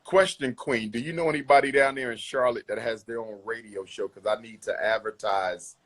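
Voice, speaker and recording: Husky man hosting a live call-in show. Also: mid-range voice, steady tone, fairly quick. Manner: emphatic, calls callers queen. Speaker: live talk show host taking callers. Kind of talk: casual live-stream call-in talk.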